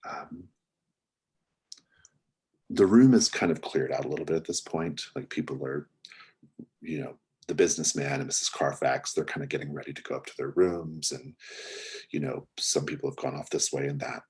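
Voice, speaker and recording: A man serving as game master for a tabletop mystery game narrates in a very deep, husky voice. He's relaxed yet hesitant, speaking at a moderate pace and relying on fillers as he goes.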